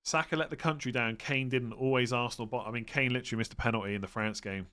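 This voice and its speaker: Fantasy football questions from viewers are the topic for this livestream host, whose mid-range voice sounds smooth. He chats loosely, reasoning out loud with fillers, and settles each question with a quick call.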